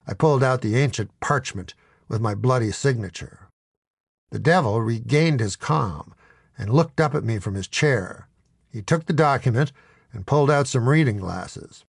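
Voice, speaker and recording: A man narrates a comic first-person tale with a deadpan, mock-dramatic delivery. His voice has a gravelly grain and his intonation swings widely. The recording is close and dry. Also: medium pitch, moderate pace, no room sound. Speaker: storyteller.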